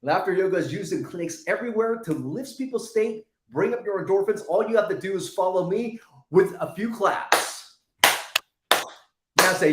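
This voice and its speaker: A man guest leading a laughter yoga exercise, bursting into loud chanting laughs and shouted cheers. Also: high voice, animated, normal speed, heavy background noise. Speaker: guest health coach. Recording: roomy echo.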